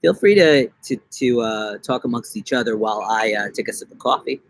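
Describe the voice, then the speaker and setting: A young man from New York chatting on a casual live stream from his backyard, rambling and joking, with bursts of silly high-pitched voices. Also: brisk, no room sound. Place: outdoors in a backyard.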